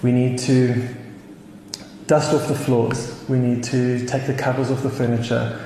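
A man's voice: medium pitch, flat delivery, measured pace, warm tone. A South African man preaching a sermon, telling a story with chuckles and many restarts. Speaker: pastor. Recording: echoey hall with faint noise.

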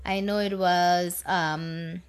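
A young South African woman co-hosting a podcast, chatting in an animated, teasing way and switching between English and Sesotho. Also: lowish voice, takes it slowly, clear, resonant tone. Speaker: podcast co-host. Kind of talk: casual chat.

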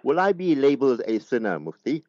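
A man with a mid-pitched voice hosts a radio question show and reads out listener messages. He talks hesitantly, with many pauses and fillers. The sound is dry and muffled, like lo-fi radio. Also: very animated, a little mellow, dry recording. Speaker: radio host reading questions.

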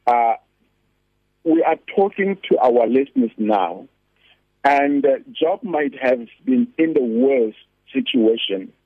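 A male pastor calling into a radio show, his husky, gravelly voice squeezed through a tinny phone line. He preaches earnestly, leaning on repeated scripture lines with a lively, rising and falling pitch. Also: no room sound. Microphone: phone call-in.

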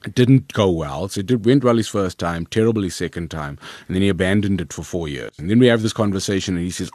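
A man with a South African accent, a comedian telling his story in an interview, lively and rambling, often repeating words as he restarts. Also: deep voice, quick pace, no room sound, studio quality. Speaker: comedian guest.

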